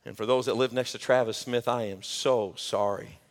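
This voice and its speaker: A male pastor preaching a sermon, swinging from shouted peaks to joking, chatty asides. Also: mid-range voice, fairly even intonation, moderate pace. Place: church sanctuary. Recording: long church hall reverb.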